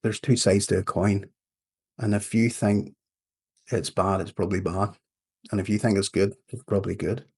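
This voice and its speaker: A leadership coach from Northern Ireland tells a story on a podcast in a casual interview, his Northern Irish accent coloring animated quotes from a fable. His fairly low, husky voice moves at a moderate pace with long pauses.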